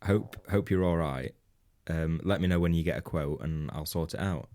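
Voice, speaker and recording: A man's voice: extremely low pitch, normal speed, darkish tone. A man co-hosting a comedy podcast, telling a rambling anecdote in casual banter, laughing often and swearing freely. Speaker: podcast co-host.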